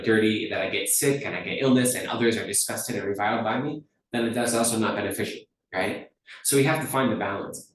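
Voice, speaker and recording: A man giving a Buddhist teaching in a relaxed, conversational way, often checking in with listeners by asking "right?". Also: fairly low pitch, slight background noise. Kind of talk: dharma teaching talk. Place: teaching hall at a dharma center. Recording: very echoey room, mic far off.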